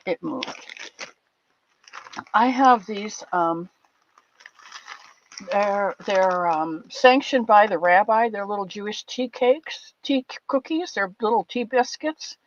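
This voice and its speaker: An older woman hosting a livestream, chatting warmly and rambling with her viewers in a casual, affectionate way. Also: mid-range voice, animated, slow, pauses often. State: a bit teary. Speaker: livestream host. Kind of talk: casual chat with live chat viewers. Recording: dull lo-fi dry sound.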